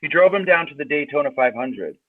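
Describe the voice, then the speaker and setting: Man from Canada, improv comic, lively swooping delivery, tinny call audio. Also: brisk. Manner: absurd deadpan storytelling, lively pitch. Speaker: comedy double act performer. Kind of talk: improvised comedy banter. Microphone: video call.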